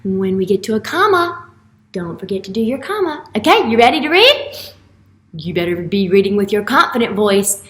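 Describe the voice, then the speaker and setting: A woman teacher leading a playful morning message for young students, with an animated, exaggerated manner. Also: medium pitch, moderate pace. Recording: echoey room.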